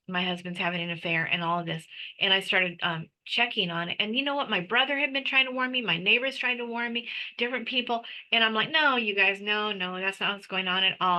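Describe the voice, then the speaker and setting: A woman guest telling her personal story in an emotional, animated way, full of restarts. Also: a little high, low-quality recording. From United States. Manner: animated, breathless retelling with restarts.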